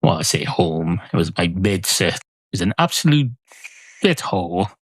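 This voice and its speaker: A man with an Irish accent hosting a solo comic podcast, wandering through absurd tangents in a deadpan way. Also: low-pitched, normal speed, dry recording. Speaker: podcast host.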